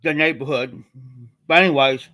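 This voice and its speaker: A man's voice: fairly high pitch, normal speed, bright, forceful tone. A man from Ohio hosting a livestream, telling a personal story in a rambling, repetitive, colloquial way. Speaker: livestream host.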